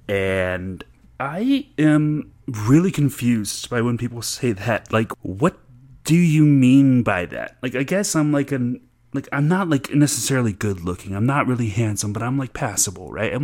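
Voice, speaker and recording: A man from Florida doing loose, rhyming raps about his day, then talking casually with laughs and trailing, restarting sentences. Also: medium pitch. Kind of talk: casual rap and chat.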